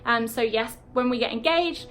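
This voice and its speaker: A young British woman with a British accent teaching English in a chatty way, with frequent "um" and "okay" and slow demonstrations of words. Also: a little high, a bit bright, soft background music. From Britain. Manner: chatty, frequent ums and okays, slow deliberate word demos. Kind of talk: online English lesson.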